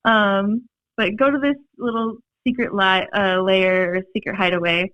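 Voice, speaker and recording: A young woman with a Minnesota accent, a podcast guest telling stories in a rambling, animated way, full of fillers and laughs. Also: mid-range voice, moderate pace, no echo. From Minnesota, USA. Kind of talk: casual storytelling chat. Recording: dry, slightly dull podcast audio.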